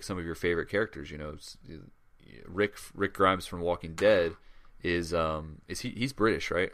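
A man co-hosts a podcast in casual chat, rambling along with plenty of fillers and restarts. His voice sits low and has a fairly bright tone.

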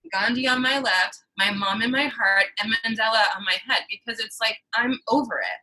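Heated, emphatic woman with a bright voice. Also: fairly high pitch, poor audio. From suburbs of New York City. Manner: heated, emphatic, swears freely. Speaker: guest. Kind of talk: casual conversation.

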